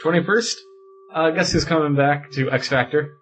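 A man's voice: on the high side, normal speed, rough recording. A man co-hosting a casual podcast, chatting about comic books and movies with frequent laughs. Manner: laughs often, relaxed geeky banter. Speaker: podcast co-host. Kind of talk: casual chat.

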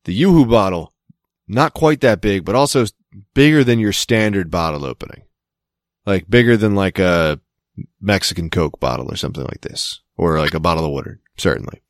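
A man's voice: deep voice, moderate pace, no room sound, clean studio sound. A man co-hosting a podcast, rambling and joking in casual chat, swearing now and then. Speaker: podcast co-host.

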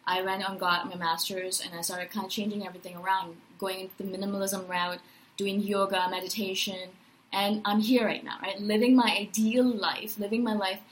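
A woman in her thirties giving a casual personal monologue as a podcast host, enthusiastic and animated, often tagging her points with "right?". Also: mid-range voice, a little hiss or hum, poor audio. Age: 30s.

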